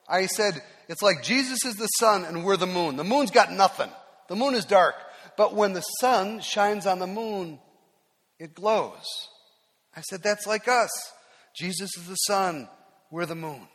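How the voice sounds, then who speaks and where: A man's voice: sits high, fairly bright tone, long reverb tail. A male pastor preaching a sermon, telling self-deprecating stories in a conversational way with small restarts.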